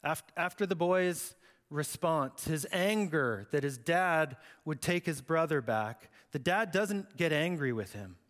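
A man preaching a sermon in an expressive, conversational way. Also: a little high, unhurried. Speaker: pastor. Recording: echoey hall.

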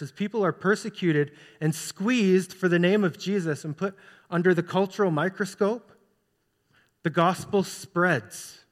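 A man's voice: sits high, a bit bright. A man preaching a sermon as pastor, earnestly putting rhetorical questions to his congregation. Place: church sanctuary. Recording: long reverb of a large hall.

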